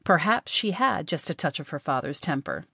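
A woman narrating a story in an audiobook, in a steady, plain way. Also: low voice, normal speed, vocal fry, husky, no echo, studio quality.

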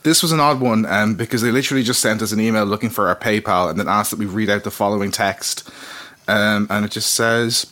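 A man co-hosting a comedic podcast, reading mock sponsor messages with a deadpan, sardonic delivery and frequent laughter. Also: lowish voice, a little fast. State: slightly tipsy. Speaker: podcast co-host.

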